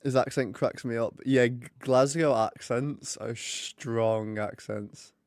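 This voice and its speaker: A man's voice: medium pitch, fairly even intonation, slow pace, a little mellow, dry recording. A young man chatting and joking casually while hosting a live hockey watch party. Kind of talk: casual live commentary and chat.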